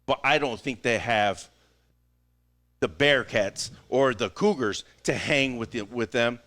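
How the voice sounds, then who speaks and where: A man's voice: mid-range voice, slow pace. A man co-hosting a sports podcast, hyping picks with whoops and laughter. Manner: excitable, hype, whoops and laughs. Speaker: podcast co-host. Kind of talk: casual sports banter.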